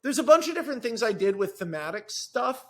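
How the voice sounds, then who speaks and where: A screenwriter talking on a podcast, telling a story with lively enthusiasm and frequent restarts. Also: male voice, very high voice, fast. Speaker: screenwriter guest. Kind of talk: podcast conversation.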